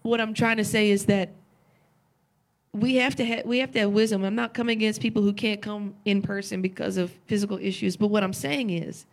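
A woman's voice: mid-range voice, steady tone, brisk. A woman preaching a sermon with passion, repeating phrases and asking rhetorical questions, at times tearful.

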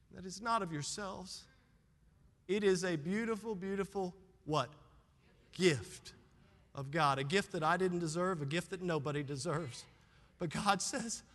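A male pastor preaching in a church with a high, bright, forceful voice that carries through a long, echoing hall. He drops to a soft plea one moment and rises to fervent, loud preaching the next, sometimes running short of breath. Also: measured pace. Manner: swings from hushed pleading to loud fervent preaching. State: out of breath at times. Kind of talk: sermon. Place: church sanctuary with congregation.

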